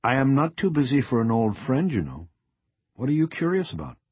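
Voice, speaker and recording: A man voicing a friendly woman newspaper crime reporter who talks in lively, teasing patter. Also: medium pitch, a little fast, breathy edge, dry recording, lo-fi sound, voice pushed up.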